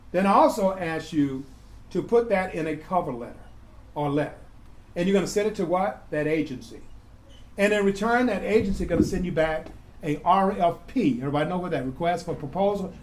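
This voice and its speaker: In a community classroom, a man teaches grant writing, quizzing students call-and-response style by asking "what?" and answering himself while repeating key words. His voice is on the high side, and the audio is poor.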